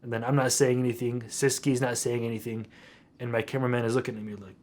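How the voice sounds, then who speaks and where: A young man retelling a story for his vlog in an animated, slangy way. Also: medium pitch, fast. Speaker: YouTuber.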